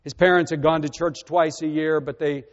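A man preaching a sermon as pastor, earnest and measured, often letting his voice sink softly at the ends of phrases. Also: fairly high pitch, level tone. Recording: muffled with long reverb.

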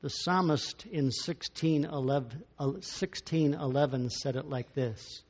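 Slow, dramatic preacher man. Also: on the high side, breathy edge, dull audio. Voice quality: slow, dramatic delivery with big swings in loudness and long pauses. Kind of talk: sermon.

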